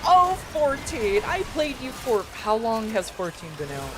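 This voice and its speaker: A woman streamer casually telling a story, animated and profane, with quick asides. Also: on the high side, background noise.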